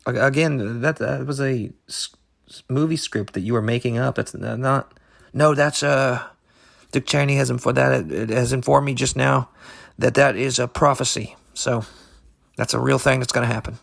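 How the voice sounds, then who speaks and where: A man co-hosting an improvised comedy podcast, rambling in halting, absurd deadpan. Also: mid-range voice, creaky. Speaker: podcast co-host.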